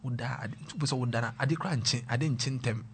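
A young man with a Ghanaian accent, casually telling a personal story, mixing pidgin and local words and swinging between loud and quiet. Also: medium pitch, fast talker, slight background noise.

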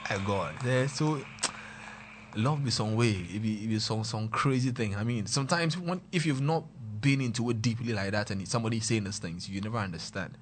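A young man with a Ghanaian accent, casually telling a personal story, mixing pidgin and local words and swinging between loud and quiet. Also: medium pitch, noisy background.

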